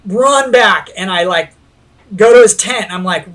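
A man telling a skateboarding story in casual chat, animated, swearing freely and laughing as he goes. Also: high-pitched, normal speed.

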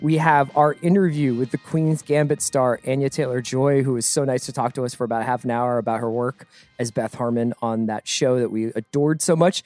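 A man's voice: medium pitch, steady tone, darkish tone, dry recording, faint music behind. A man hosting a podcast, introducing the show and chatting in an upbeat, jokey way. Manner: upbeat, jokey, quick to riff. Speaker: podcast host. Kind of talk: casual podcast chat.

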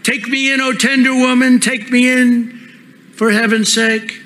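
A cunning, vicious snake, as a man puts it on in a singsong beg, lifted a little higher than a speaking voice. The voice is bright and edged, and it draws out the same plea again and again. It sounds like a poem being read aloud to a big audience. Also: little pitch movement, measured pace, a little hiss or hum. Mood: pleading. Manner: wheedling singsong repetition, turns snarling. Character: sly, vicious male snake pleading for shelter. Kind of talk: dramatic reading of a poem at a rally.

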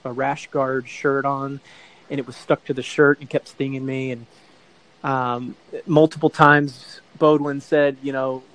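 A man's voice: medium pitch, flat delivery, unhurried, a bit bright, low-quality recording. Middle-aged male guest, rambling casual storyteller, mid-range voice. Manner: rambling, self-correcting storyteller who acts out quoted voices. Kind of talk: casual anecdote telling.

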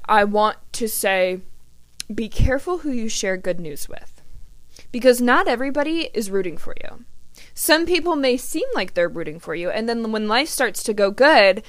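A woman's voice: mid-range voice, a bit bright, no echo. A woman, hosting a casual podcast and chatting freely with many ums and a little swearing. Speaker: podcast host. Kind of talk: casual chat. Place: grandparents' house.

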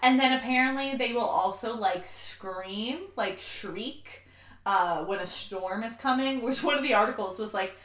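Bright-voiced giggly woman podcaster. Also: on the high side, measured pace, roomy sound. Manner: giggly, self-deprecating, reads facts aloud. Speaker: podcast co-host presenting research. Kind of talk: casual podcast chat.

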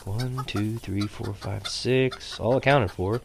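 A man reading a first-person story aloud in a lively, animated way, chuckling now and then. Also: fairly low pitch, takes it slowly, gravelly, a little hiss or hum.

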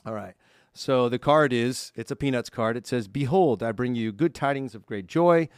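Man, podcast co-host, dry studio sound, middle pitch, chatty and upbeat. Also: normal speed, clean tone, dry recording. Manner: chatty, upbeat, reads fan mail aloud. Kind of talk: casual podcast chat.

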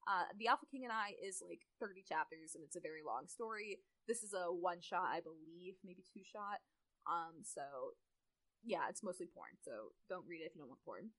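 A woman's voice: fairly low pitch, lively intonation, moderate pace, fairly bright tone, no echo, poor audio. A young woman co-hosting a casual podcast chat, laughing often and talking with many fillers. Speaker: podcast co-host. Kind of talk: casual chat and reading fanfiction aloud.

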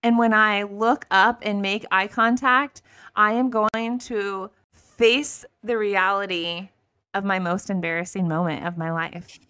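A woman with an Ohio accent co-hosting a podcast, telling stories in an animated casual chat. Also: medium pitch, unhurried, smooth. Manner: animated storyteller. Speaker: podcast co-host.

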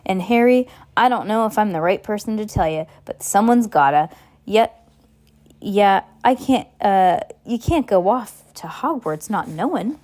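A big, gruff and kindly giant of a man, as a woman reader puts him on, talking in a folksy country dialect that drops its endings. His voice sits at a middling pitch for the reader, plainly an audiobook character voice rather than a full performance. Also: animated, measured pace, darkish tone, natural voice. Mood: worried. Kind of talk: amateur audiobook reading.

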